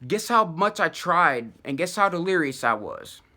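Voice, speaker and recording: Talking to camera at a moderate pace, a young man shares a story of his own mishap in animated, slang-heavy speech full of swearing, fillers and side comments. His voice rings bright and punchy, sitting a touch high.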